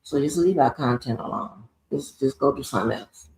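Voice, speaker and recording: A woman's voice: a bass voice, a little fast, darkish tone, slight background noise. A woman hosting a live stream, ranting in a profane, confrontational monologue. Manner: profane, confrontational, swears heavily. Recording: roomy echoey room.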